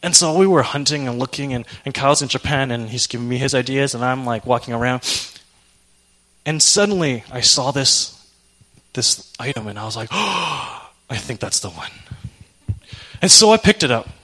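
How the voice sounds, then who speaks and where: A young man preaching a sermon, telling an emotional personal story in an animated way. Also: medium pitch, brisk.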